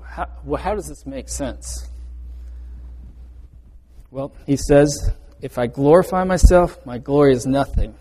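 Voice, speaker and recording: A man's voice: mid-range voice, a little slow, long pauses, dark tone, slightly rough. A man preaching a sermon, explaining verse by verse in an earnest way and often restarting his phrases. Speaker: pastor. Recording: reverberant hall.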